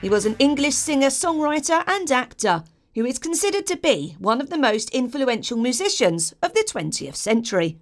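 Lively woman narrating a biography. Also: sits high, normal speed, few pauses, soft background music. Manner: informative with wry personal asides. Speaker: documentary narrator.

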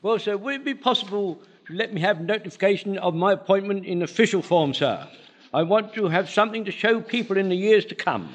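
An actor playing an excitable, overeager elderly butcher turned soldier, with a fussy, stammering way of talking. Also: male voice, sits high, fairly quick, a little hiss or hum. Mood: earnest. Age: older. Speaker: elderly butcher and lance corporal. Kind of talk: broadcast sitcom acting.

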